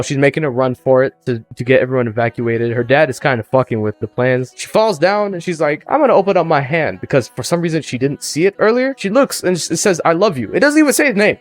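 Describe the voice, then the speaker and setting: Young guy recapping a movie, cusses a lot, mid pitch, goofy and animated, faint music under him. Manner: irreverent and joking, swears freely; animated, pitch jumps up when excited. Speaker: student presenter. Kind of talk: casual, profane movie plot recap.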